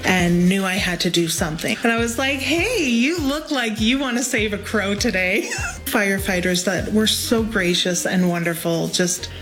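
A woman from British Columbia speaking in a radio interview, warm and heartfelt, laughing lightly as she talks. Her voice sits at a middling pitch. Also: animated, moderate pace, soft background music. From British Columbia, Canada.

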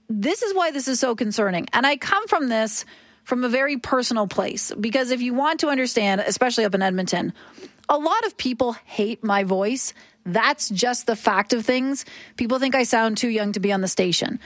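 A woman's voice: a little high, lively intonation, normal speed, dry recording, clean studio sound. A woman, arguing passionately and emphatically as a talk radio host. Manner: impassioned, emphatic.

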